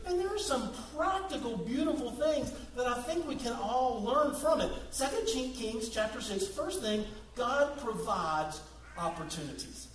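A man, a youth pastor preaching a sermon with lively, laughing storytelling. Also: very high voice, background noise. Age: 40s. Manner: animated storytelling with bursts of laughter. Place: church sanctuary. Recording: echoey room, mic at a distance.

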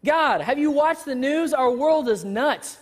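A woman voicing an anxious churchgoer who protests to God in a whiny, rapid rush, within a sermon. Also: high voice, expressive, long reverb tail, pitched above the performer's own voice. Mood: exasperated.

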